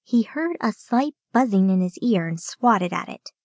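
A woman narrating a children's audiobook in a clear, steady reading voice. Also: medium pitch, a little slow, dry recording, clean studio sound.

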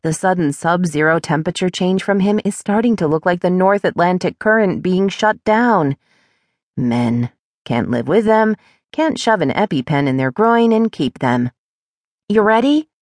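Low-voiced woman narrating wryly. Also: moderate pace, no echo, clean studio sound. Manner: wry, expressive, emotionally animated. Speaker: audiobook narrator. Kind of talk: first-person audiobook narration.

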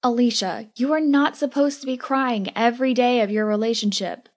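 A woman's voice: fairly high pitch, steady tone, moderate pace, voice pushed up, close to an everyday voice. A woman voicing a protective young woman who pleads earnestly with her best friend. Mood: pleading.

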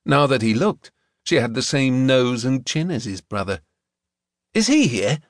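In this audiobook, a medium-pitched male narrator reads a novel with measured expression. The studio-quality recording has no echo.

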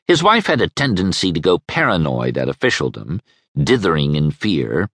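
Male audiobook narrator, wry, expressive; dry studio sound. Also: deep voice, dry recording. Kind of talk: scripted narration.

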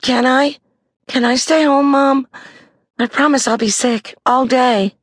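A woman's voice: high-pitched, steady tone, unhurried, no echo, clean studio sound, voice pushed up. A woman voicing a dramatic young girl who fakes being sick, with whiny, pleading delivery in an audiobook. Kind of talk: audiobook character voice.

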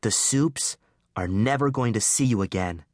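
A man's voice: mid-range voice, moderate pace, no echo, studio quality, close to an everyday voice. A man voicing a spunky, determined teenage girl who talks in a pushy, brash way in an audiobook. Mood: urgent, defiant.

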